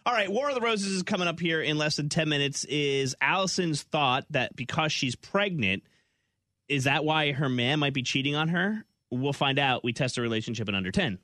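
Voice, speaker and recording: Guy hosting morning radio, bright punchy voice, dry studio sound, chatty and jokey. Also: a little high, animated, normal speed, no room sound. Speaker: radio show host.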